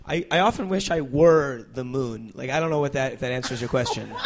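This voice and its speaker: A young man doing stand-up comedy, then chatting as a talk show guest, rambling and interrupting himself with animated bursts. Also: medium pitch, a little fast. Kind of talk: stand-up set then casual chat.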